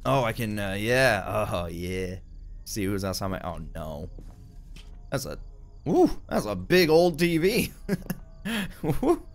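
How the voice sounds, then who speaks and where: A young man giving let's play commentary, excitable and easily startled, talking to himself as he plays. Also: mid-range voice. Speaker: gamer.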